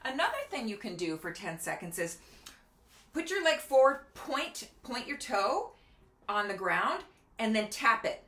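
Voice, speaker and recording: A middle-aged woman with a bright voice hosts a casual health vlog from her kitchen. She talks in a chatty, instructive way and counts aloud while she demonstrates balance exercises, sounding slightly out of breath. She is recorded on a camera a few steps away. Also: fairly high pitch, very animated, a little slow. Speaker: doctor and video host. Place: home kitchen near a counter.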